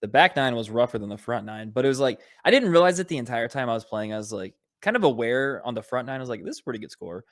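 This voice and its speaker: A man's voice: mid-range voice, fast, few pauses. A man co-hosting a podcast in casual chat, laid-back and laughing often as he listens and shares his own stories. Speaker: podcast co-host.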